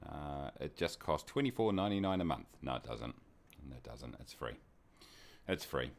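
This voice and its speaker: Kiwi man hosting a game stream, deep, very lively pitch, teasing and chatty. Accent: New Zealand. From New Zealand. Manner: jokey, greets chat viewers by name with big upward swings. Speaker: flight sim livestream host. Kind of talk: casual live-stream chat.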